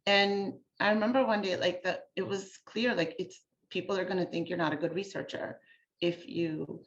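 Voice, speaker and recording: A chatty woman speaking in a fairly low voice, her talk full of fillers and quick asides. She comes through a video call with a dull, lo-fi sound. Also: steady tone. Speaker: author guest. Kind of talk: casual conversation.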